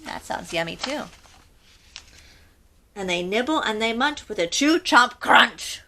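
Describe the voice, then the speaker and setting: A woman's voice: fairly high pitch, animated, unhurried, sharp tone, slight background noise. A woman hosting children's storytime, reading aloud expressively in a sing-song way and asking the kids questions. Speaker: storytime host.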